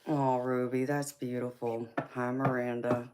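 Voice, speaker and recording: A woman's voice: extremely low pitch, steady tone, measured pace, heavy background noise. A woman with a Southern US accent giving a casual live-stream tarot reading, greeting viewers with endearments and rambling with frequent fillers. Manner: affectionate, greets viewers with endearments like baby and honey; chatty and rambling, with frequent ums and you-knows.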